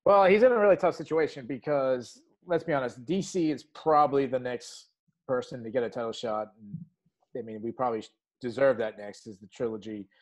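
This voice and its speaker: A man on a podcast panel, talking through options step by step in a quick, conversational way. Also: medium pitch.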